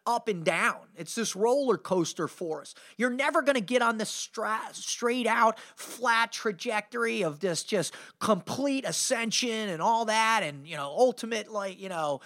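Middle-aged man, high voice, energetic, informal, motivational storytelling, emphatic. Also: a little slow, few pauses. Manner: energetic, informal, peppers speech with "man" and "you know". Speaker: podcast host and motivational speaker.

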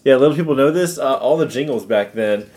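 A man's voice: medium pitch, animated, fairly quick, a little mellow. A man co-hosting a casual podcast chat, rambling enthusiastically and laughing often. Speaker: podcast co-host.

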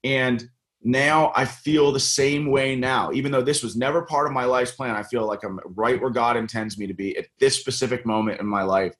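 A middle-aged man from the United States talks through a casual interview, earnest and full of stops and restarts. His voice sits at an ordinary, middle pitch. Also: moderate pace, fairly bright tone. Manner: earnest, many fillers and restarts. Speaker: congressional candidate and guest.

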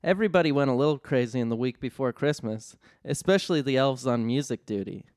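A man reading an absurd comedy story aloud in a deadpan way, often cracking up. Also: mid-range voice, quick pace, no echo, clean studio sound. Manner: deadpan narration, often breaking into laughter. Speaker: storyteller host.

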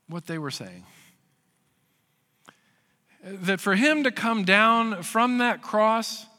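A male pastor preaching a sermon, telling stories with loud acted quotes and dropping to hushed emphasis. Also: high voice. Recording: long hall reverb.

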